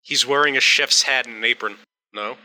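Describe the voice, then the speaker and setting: A man at a tabletop game speaks in a very bright, sharp voice. He keeps things offhand and jokey. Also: medium pitch, fairly quick, rough recording. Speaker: player. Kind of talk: tabletop role-play.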